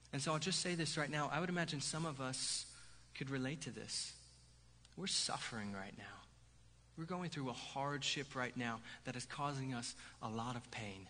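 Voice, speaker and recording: A pastor preaching a sermon in a lively, conversational way, with "right?" asides to the congregation. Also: male voice, medium pitch, normal speed. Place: church sanctuary. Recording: hall reverb.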